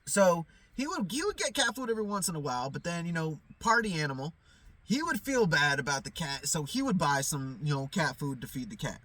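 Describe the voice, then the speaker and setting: Man, high voice, casual vlog rant from a parked car, swears a lot, rambles. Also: very animated, fairly quick, fairly bright tone, no echo. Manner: profane, heated, rambling with many fillers. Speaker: vlogger. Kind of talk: casual storytelling to camera. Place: inside a parked car at night.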